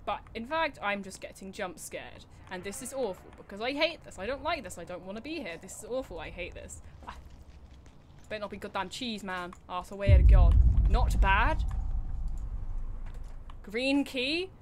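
A woman's voice: medium pitch, lively intonation, normal speed, noisy background. A young woman streaming a horror game from her desk at home, chattering anxiously, mocking herself and breaking into sudden screams. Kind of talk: live game commentary.

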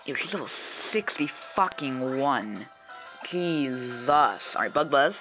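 A man hosting a let's play, commenting on the game in a casual, excitable, slangy way with frequent swearing. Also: mid-range voice, slow pace, music in the background, poor audio.

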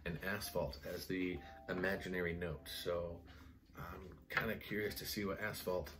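A man casually reviewing perfumes in a vlog, excitable and rambling, full of "like" and "guys". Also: sits low, moderate pace, noisy background. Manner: excitable, enthusiastic, rambling with many "like"s. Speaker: fragrance reviewer.

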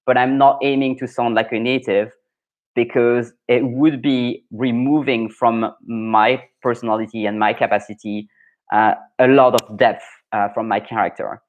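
A man's voice: mid-range voice, steady tone, normal speed, narrow, tinny audio. A young adult man with a French accent, a French pronunciation coach chatting through a live Q&A lesson, thinking aloud with many fillers and restarts.

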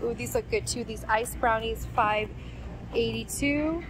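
A female vlogger, out of breath, gushes and chats to viewers she calls "you guys" while walking through a large warehouse store and filming on a handheld phone. Her voice is a little high and her pace measured, with background noise in the recording.

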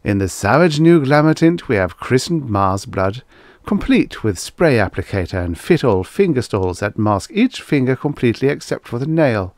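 A polished, smooth-voiced robot salesman pitching his wares with a lively sing-song rise and fall, as a narrator puts him on. The sound is close and dry. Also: moderate pace, dry recording, natural voice. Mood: salesy.

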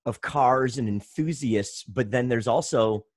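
Male podcast host from Detroit, husky, lively delivery, dry sound. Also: mid-range voice, a little slow, no echo. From Detroit, USA. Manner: animated storyteller, friendly. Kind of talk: casual interview conversation.

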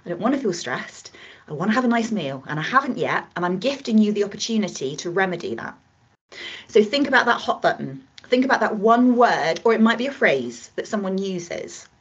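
A woman's voice: mid-range voice, very animated, a little fast, slightly rough. A woman trainer teaching a workshop session, explaining points with gestures and acted-out examples. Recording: dull lo-fi recording.

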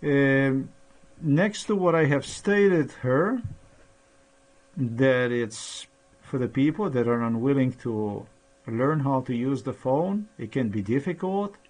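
A man talks through a rambling personal monologue at a very slow, dragging pace. His voice sits in an ordinary middle pitch. He halts often with fillers, sounding aggrieved and accusatory. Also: darkish tone. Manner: halting, with many pauses and fillers. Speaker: vlogger.

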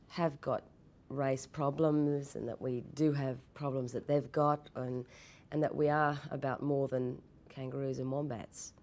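A young woman in an interview, telling anecdotes in a lively way, laughing often and restarting her sentences. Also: very deep voice. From Australia. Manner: animated storytelling, laughs often, quick repeated restarts. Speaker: actress interviewee.

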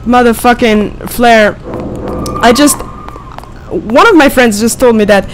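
A woman's voice: on the high side, takes it slowly, background noise. A young woman playing a horror game, panicking, screaming and giggling nervously as she talks. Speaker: gamer. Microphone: desk microphone.

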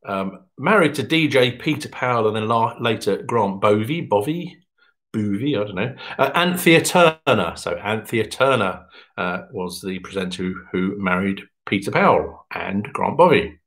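An English quiz host runs an online pub quiz, reading out answers in a chatty, jokey manner without hurrying. His fairly bright voice swings widely in pitch, jumping up whenever he makes an announcement.

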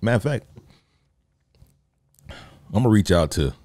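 A man's voice: lowish voice, animated, a little slow, darkish tone, no echo. A man hosting a solo podcast, talking casually in a joking, rambling way and laughing often. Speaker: podcast host.

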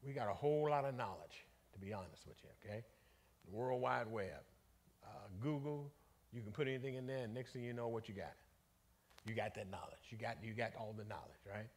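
A man leading a Bible study as bishop, preaching in an animated, folksy way and calling out to the congregation. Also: lowish voice, fairly quick, breathy edge. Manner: animated, conversational, calls out to the congregation; colloquial, folksy phrasing.

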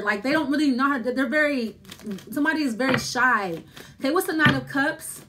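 A woman's voice: sits high, fairly quick, noisy background. A woman giving a casual tarot reading, thinking aloud as she pulls cards, repeating herself and speaking straight to the listener. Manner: rambling, repetitive, thinking aloud while pulling cards; addresses the listener directly and reassuringly. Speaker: tarot reader.

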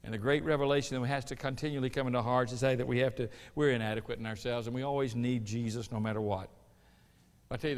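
A man preaching a sermon as pastor, building to loud emphatic peaks between folksy asides. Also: medium pitch, long reverb tail. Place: church sanctuary.

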